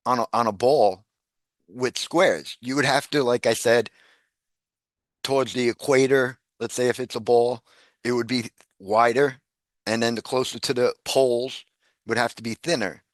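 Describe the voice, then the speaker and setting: A man's voice: mid-range voice, no echo. Laughing man in casual chat, dry sound. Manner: animated, laughs often, repeats words. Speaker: guest.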